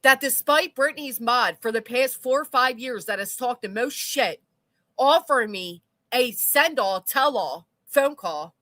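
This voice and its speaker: A woman's voice: fairly high pitch, animated, normal speed, bright, forceful tone, dry recording. A woman hosting a livestream, reading chat comments aloud with blunt, sarcastic commentary and casual swearing. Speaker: commentary channel host.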